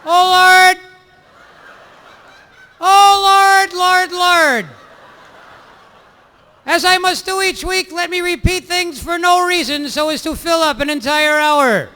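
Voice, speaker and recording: A man's voice: slow, long pauses, sharp tone, full character voice. A man playing a priest who drags out every word in a clipped, strained, froggy singsong. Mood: droning, pompous. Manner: high sustained singsong chant. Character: droning male priest, clipped nasal singsong, padding mass. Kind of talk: stand-up character bit.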